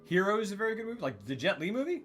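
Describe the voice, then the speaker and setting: A man's voice: sits high, big pitch swings, rapid-fire, fairly bright tone, soft background music. A man co-hosting a gaming stream, chatting casually in a rambling, enthusiastic way with frequent hesitations. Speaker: streamer co-host.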